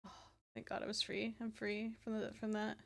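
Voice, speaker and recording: A young woman streaming a game live, chatting casually and excitably, swearing and tacking on a playful "woof". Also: mid-range voice, normal speed, creaky, over music.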